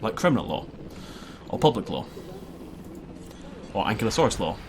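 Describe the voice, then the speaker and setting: A man's voice: lowish voice, big pitch swings, normal speed, noisy background. A young man from Wales, hosting a casual let's-play, rambling and joking with frequent laughs. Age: young adult. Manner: rambling and jokey, laughs often. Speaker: gaming video host.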